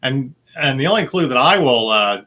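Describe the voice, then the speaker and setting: A man's voice: mid-range voice, animated, normal speed, bright, forceful tone. A man hosting a casual podcast movie quiz, upbeat and chatty, laughing easily. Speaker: quiz host.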